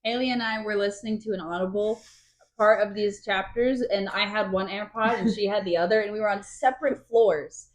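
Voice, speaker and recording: A woman's voice: medium pitch, fairly even intonation, brisk, rough recording. A young woman co-hosting a book podcast, chiming in with chatty, jokey remarks and stories. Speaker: podcast co-host. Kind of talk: casual book chat.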